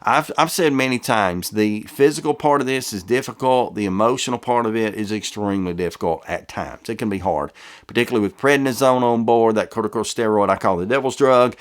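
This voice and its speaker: A man's voice: on the low side, brisk. Man, middle-aged, from the American South, casual, folksy, reads viewer comments aloud. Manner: warm, folksy, stumbles over names. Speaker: transplant vlogger reading viewer comments.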